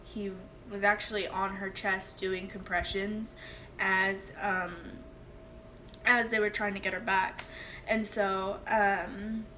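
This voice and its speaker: A young woman vlogger telling a personal story in a halting, emotional way, with many fillers and restarts. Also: mid-range voice, flat delivery, pushed and bright, slight background noise.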